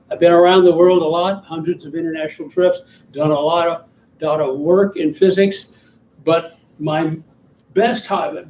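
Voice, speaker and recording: In a banquet hall, an Alabama man in his 70s gives an after-dinner talk with slides as guest speaker, joking wryly about himself. His voice sits on the high side with a darkish tone. The recording sounds distant, echoey, and muffled, carrying a little hiss or hum.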